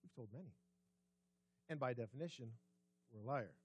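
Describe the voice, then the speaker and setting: A man preaching a sermon as pastor, conversational, asking the congregation questions and dropping his voice low and quiet for emphasis. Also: expressive, normal speed, slightly rough, no room sound. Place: church sanctuary.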